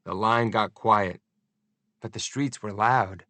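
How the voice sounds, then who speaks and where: A man narrating a first-person audiobook in an expressive, deliberate storytelling manner. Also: lowish voice, no echo.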